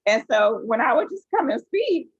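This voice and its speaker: A woman's voice: fairly high pitch, very animated, moderate pace, slightly rough, no echo. An American woman teaching an online class, asking her students questions and telling stories with animation. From United States. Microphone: video call. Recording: tinny phone-like video call audio.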